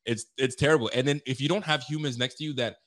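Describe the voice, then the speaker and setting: A young adult man co-hosting a casual sports chat, telling stories with bursts of excitement. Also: mid-range voice, quick pace. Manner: animated storytelling, bursts of excitement. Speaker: co-host.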